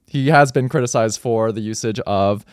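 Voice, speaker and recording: Measured male interviewer. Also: fairly low pitch, smooth, no echo, clean studio sound. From United States. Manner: measured, framing questions. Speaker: podcast host, interviewer. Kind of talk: interviewing a guest.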